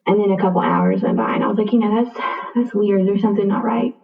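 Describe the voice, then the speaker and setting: A woman's voice: medium pitch, very animated, quick pace. A young woman earnestly telling her personal story as a podcast guest, often saying "like" and replaying conversations. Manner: earnest, full of reported speech and "like". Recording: tinny phone-like sound, distant from mic.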